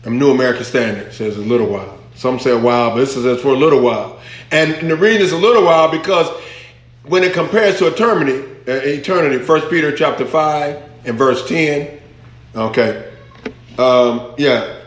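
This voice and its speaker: A man's voice: mid-range voice, a little fast. A man, a pastor, giving a conversational Bible lesson, reading scripture aloud and rising into fervent emphasis. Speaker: pastor teaching a Bible class. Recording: echoey room.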